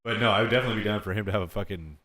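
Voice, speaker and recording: A man's voice: on the low side, racing, bright, forceful tone, no room sound. A young man hosting a podcast in casual chat, rambling and swearing, often laughing. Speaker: podcast host.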